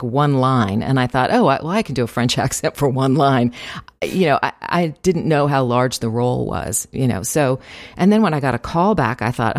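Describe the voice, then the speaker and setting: A woman's voice: a bass voice, a little mellow, no echo, studio quality. A woman voice actress chatting in an interview, talkative and laughing often, with many fillers. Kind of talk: casual interview chat.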